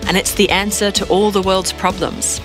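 A woman reading a scripted show introduction as the program announcer in a smooth read. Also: mid-range voice, flat delivery, moderate pace. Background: music bed.

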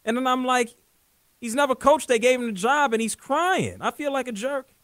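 A man's voice: very high-pitched, expressive, normal speed, a bit bright, no echo. A man hosting a sports talk radio show, opinionated and joking as he talks.

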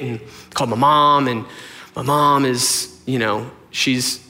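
Bright-voiced man preaching in a hall. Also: mid-range voice, steady tone, slow. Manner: casual, rambling, self-deprecating, many fillers. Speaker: pastor. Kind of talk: conversational sermon storytelling. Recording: long reverb of a large hall.

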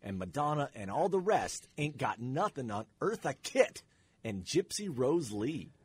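A man's voice: mid-range voice, very animated, unhurried, breathy edge, dry recording. A man co-hosting a radio talk show, reading listener texts aloud and adding short reactions.

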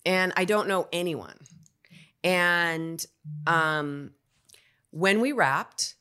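A woman, an actor guest on a podcast, telling a candid, animated story in casual conversation. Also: on the low side, very slow, clear, resonant tone.

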